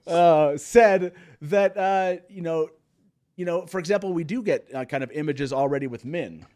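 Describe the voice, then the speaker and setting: Man, host of a live call-in show, slightly high voice, chatty and quick to laugh. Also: a little mellow. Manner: laughs often, quick asides.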